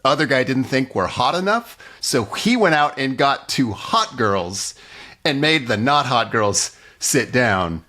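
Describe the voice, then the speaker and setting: A man's voice: medium pitch, big pitch swings, unhurried, sharp tone. A man co-hosting a comedy podcast, telling stories in a dry, wry way. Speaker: podcast co-host. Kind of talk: casual comedic chat.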